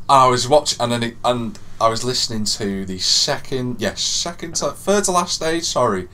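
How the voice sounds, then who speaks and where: A young man co-hosting a podcast, telling an excited story that swings from hushed to loud. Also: medium pitch, normal speed, few pauses. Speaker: podcast co-host. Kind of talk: excited casual chat.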